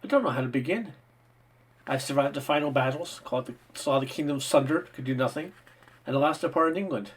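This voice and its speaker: Brief: a man playing an ageless knight, worn and reserved, husky and calm, audiobook reading. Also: medium pitch, brisk, close to an everyday voice. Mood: reflective.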